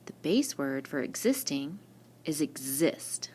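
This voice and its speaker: Her voice is low, warm, slightly rough and very animated as this woman teacher gives a recorded spelling lesson. She patiently and slowly asks questions and answers them herself, using a screen-recording mic.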